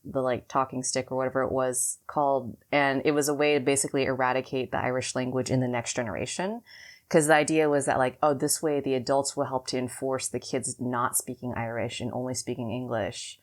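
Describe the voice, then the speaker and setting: A woman's voice: very deep voice, steady tone, a little fast. A young woman from California, co-hosting a podcast and telling a long story in a rambling, casual way full of fillers. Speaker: podcast co-host. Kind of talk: casual chat.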